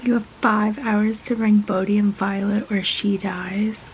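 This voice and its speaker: A young woman vlogging casually about her reading, gushing and excited, sometimes dropping to a whisper. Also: mid-range voice, unhurried, highs cut off, slight background noise. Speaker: book vlogger. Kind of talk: casual reading vlog chat.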